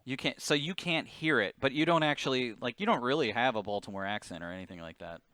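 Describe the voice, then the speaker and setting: Man, podcast co-host, rambling casual talk, smooth resonant voice, dry close sound. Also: mid-range voice, fast talker, sharp tone, no echo. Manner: rambling, laughs often. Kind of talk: casual chat.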